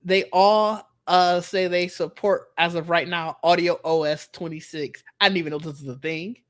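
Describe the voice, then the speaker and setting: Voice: medium pitch, fairly even intonation, moderate pace. A podcast host rambling through casual tech chat, restarting sentences and acting out imagined remarks.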